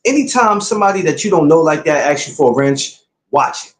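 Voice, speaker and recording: A man's voice: on the high side, expressive, fairly quick, reverberant, a little hiss or hum. A man hosting his podcast, talking casually and bluntly to his viewers, repeating his points like a lecture. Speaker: podcast host. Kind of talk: casual livestream talk to viewers.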